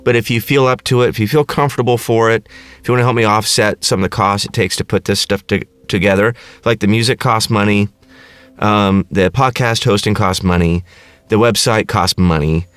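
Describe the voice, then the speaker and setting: A man's voice: fairly low pitch, steady tone, fairly quick, fairly bright tone, clear, resonant tone, no echo. A middle-aged man hosting his own podcast, ranting casually in a crass, sarcastic, rambling way. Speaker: podcast host. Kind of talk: casual comedic rant.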